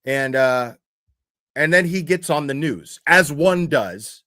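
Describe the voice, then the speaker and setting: A man's voice: a little high, slow pace. Blunt, profane man on a livestream. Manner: profane, blunt, animated storytelling with filler words. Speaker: true crime commentary streamer. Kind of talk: casual livestream commentary.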